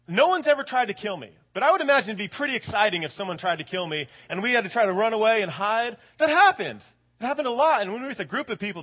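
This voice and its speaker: A young man in his late twenties preaching a sermon with lively, conversational energy. His voice sits high for a man. He keeps checking in with the listeners as he tells the stories. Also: husky. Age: late 20s. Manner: animated, colloquial, keeps asking "right?".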